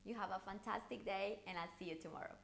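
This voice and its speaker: A woman coaching viewers through an online challenge lesson, talking in an animated, encouraging way with intonation that rises and falls. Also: medium pitch, fast talker, vocal fry, heavy background noise. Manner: encouraging, speaks straight to the viewer. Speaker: communication coach.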